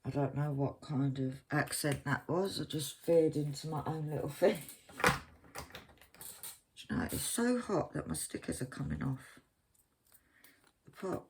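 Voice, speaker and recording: A woman's voice: low voice, a little slow, pauses often, noisy background. A woman chatting casually while she crafts at home, rambling and poking fun at herself. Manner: rambling, chatty, self-mocking. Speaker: crafting vlogger. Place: at home, at her craft desk.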